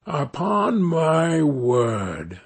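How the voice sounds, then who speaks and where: A man playing a gullible, excitable miller. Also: medium pitch, slow, husky, heavily acted. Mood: amazed.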